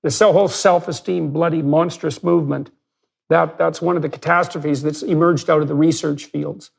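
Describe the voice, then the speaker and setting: A man with a high voice for a man, roughened by a steady gravelly fry. He talks in an analytical, lecturing way, blunt and emphatic, and builds his case step by step through examples. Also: normal speed. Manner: emphatic and blunt, with vivid hypotheticals. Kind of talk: analytical lecture-style conversation.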